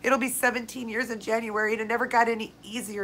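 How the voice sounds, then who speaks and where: A woman's voice: on the high side, flat delivery, fast talker, few pauses, fairly bright tone, slight background noise, low-quality recording. A woman hosting a live viewer Q&A, talking casually and tearfully, speaking straight to viewers by name. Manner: emotional, heartfelt, speaks directly to viewers by name. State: tearful, crying. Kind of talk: casual live-stream chat.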